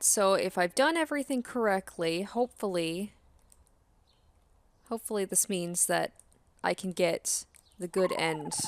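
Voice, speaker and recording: A woman's voice: lowish voice, vocal fry, no room sound. A woman hosting a let's play, musing chattily as she plays through a game. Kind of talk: casual game commentary.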